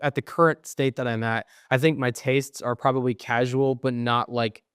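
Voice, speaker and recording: Chatting casually on a podcast he co-hosts, a young man spins stories full of quotes from others and frequent swearing. He speaks at a moderate pace with a steady tone, his medium-pitched voice clear and resonant, recorded clean in the studio without room sound.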